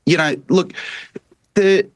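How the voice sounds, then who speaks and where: A man, an economics professor speaking as a news guest in a relaxed, jokey way with restarts. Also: high voice, takes it slowly, no echo. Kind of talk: casual conversational commentary.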